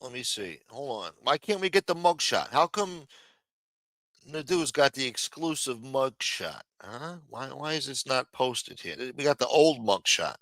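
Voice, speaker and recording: A man's voice: medium pitch, very animated, measured pace, a bit bright, dry recording, clean studio sound. A man hosting a live commentary stream, sarcastic, profane and mocking as he talks. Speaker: livestream host.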